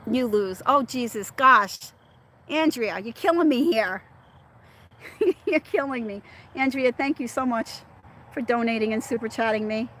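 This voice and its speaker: A woman's voice: a little high, measured pace, a bit bright. Chatty livestreaming woman reading her chat. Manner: chatty, laughs often, talks back to commenters by name.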